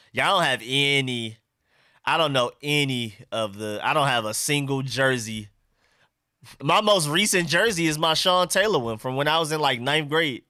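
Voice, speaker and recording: A man's voice: mid-range voice, pushed and bright, no echo, studio quality. A young man hosting a live stream, chatting loosely and reading out viewer comments. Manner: loose and conversational, reads out chat comments. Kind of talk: casual live-stream chat.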